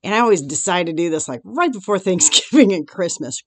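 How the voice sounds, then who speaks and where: A woman's voice: lowish voice, animated, brisk, no room sound. A woman vlogging casually about her day and her faith. She chats in a self-deprecating way, laughing often, and turns reflective and grateful. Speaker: Christian vlogger. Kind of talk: casual daily devotional vlog.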